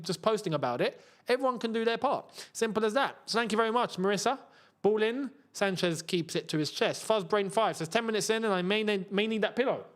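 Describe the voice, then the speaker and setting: Give me a young man chatting through a live football watchalong, animated and fairly high. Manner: chatty, reads out viewer comments, bursts into emotional shouts. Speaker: football channel host.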